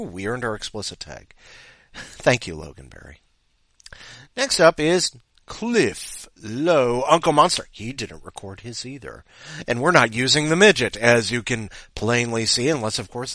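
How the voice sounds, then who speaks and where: A man's voice: mid-range voice, bright, forceful tone, no echo. A man hosting a comedic podcast, rambling and self-mocking as he reads listener stories. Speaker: podcast host. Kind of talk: comedic podcast chat and story reading.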